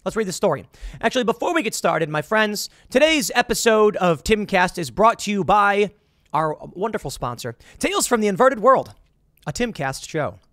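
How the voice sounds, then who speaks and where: A man delivers a political commentary monologue as host, his voice high and lively. He swings widely in pitch as he acts out quoted voices. The sound is dry and close, with no room echo. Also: normal speed.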